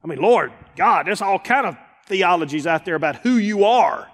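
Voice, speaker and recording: A man's voice: sits high, lively intonation, moderate pace, a bit bright. A male pastor preaching a sermon, driving points home with emphatic repetition. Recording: hall with long reverb.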